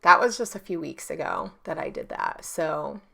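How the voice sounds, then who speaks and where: A woman's voice: sits low, huge pitch swings, normal speed, vocal fry, sharp tone. A woman in her thirties chatting through a scrapbooking tutorial at her home desk, rambling with ums and self-corrections. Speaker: scrapbooking YouTuber. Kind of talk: casual crafting tutorial. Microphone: camera on a stand on her desk.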